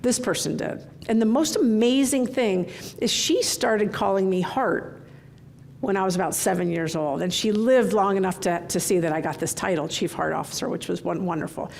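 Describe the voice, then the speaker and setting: Keynote speaker, middle-aged woman, gravelly mid-pitched voice, candid and animated storyteller. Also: normal speed, slight background noise. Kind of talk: conference keynote talk. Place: large conference hall.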